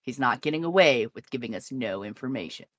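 A woman's voice: a bass voice, expressive, quick pace, no echo, studio quality. A woman co-hosting a casual podcast, teasing and playful as she asks questions. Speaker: podcast co-host.

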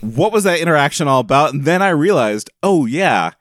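A man co-hosting a casual podcast, telling animated stories and laughing as he talks. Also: on the high side, brisk, dry recording. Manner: animated storyteller, laughs while talking. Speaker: podcast co-host. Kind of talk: casual chat.

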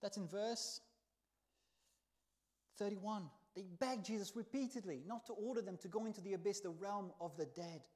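A man preaching a sermon in a church, telling the story with lively swings between soft, hushed lines and loud exclaims. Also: high-pitched, moderate pace. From not from the country where he preaches.

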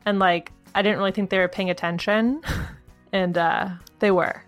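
A woman co-hosting a podcast, joking around in relaxed casual chat with friends. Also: mid-range voice, normal speed, soft background music. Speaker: podcast co-host.

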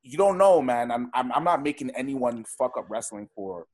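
A man's voice: medium pitch, lively intonation, moderate pace, darkish tone. A man who is a podcast guest, talking in casual chat with a blunt, emphatic delivery and heavy swearing.

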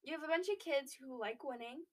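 A woman's voice: high-pitched, fast. A young woman co-hosting a podcast in casual chat, talking with lots of fillers and restarts. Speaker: podcast co-host.

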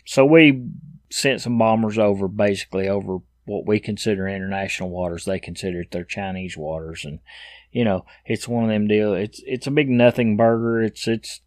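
Blunt low-voiced man riffing on news. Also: sharp tone, dry recording, clean studio sound. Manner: blunt, opinionated, reads headlines aloud then riffs loosely. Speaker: commentator reviewing news headlines. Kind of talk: casual news commentary.

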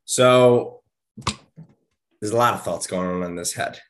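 A podcast co-host chats casually over a video call, his voice on the low side and unhurried. Picked up by the video call mic, he rambles along with plenty of fillers.

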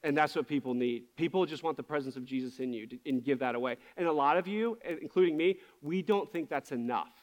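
A man's voice: fairly high pitch, fairly quick, hardly any pauses. A man preaching a sermon as pastor, speaking with passion and candor. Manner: passionate, candid.

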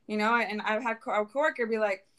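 A woman's voice: mid-range voice, fast talker. A woman talking animatedly in a casual chat, slipping into Spanish phrases. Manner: animated, code-switches into Spanish.

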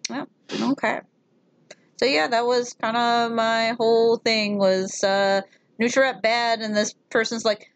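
A woman co-hosting a podcast in casual chat, an animated storyteller who acts out what people said. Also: a little high, unhurried. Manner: animated storyteller, quotes people in little voices. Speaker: podcast co-host.

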